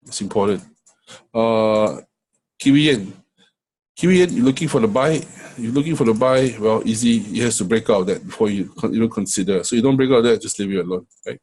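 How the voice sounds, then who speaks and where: Middle-aged male trading coach, husky, conversational screen-share lesson. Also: fairly low pitch, brisk, a little mellow, low-quality recording. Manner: conversational, many fillers and "right?" checks.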